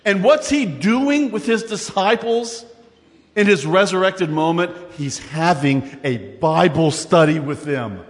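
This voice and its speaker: A man delivers a sermon with lively, conversational energy, often stumbling over repeated words and breaking off into asides. His voice sits a little high for a man. The sound carries a long reverb, as in a large hall. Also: takes it slowly. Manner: animated, conversational preaching with asides and repetitions. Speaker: pastor.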